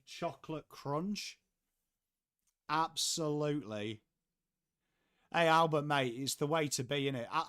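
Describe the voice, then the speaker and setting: A man's voice: on the high side, fairly bright tone. Chatty man hosting a footy stream. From England. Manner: chatty, swears casually, reads out viewer chat. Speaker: livestream host. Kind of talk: casual live watchalong chat and commentary.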